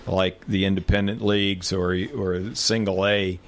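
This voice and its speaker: A man's voice: low-pitched, level tone, a little slow. An older man, a retired band director telling rambling, self-deprecating anecdotes in an oral history interview. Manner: rambling anecdotes, self-deprecating humor, many filler restarts.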